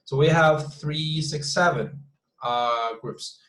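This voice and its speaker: A man's voice: on the high side, slow, fairly bright tone, echoey room. A man teaching an online English class, explaining step by step with frequent restarts and checks on his students. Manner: explains with many restarts and "you see?" checks.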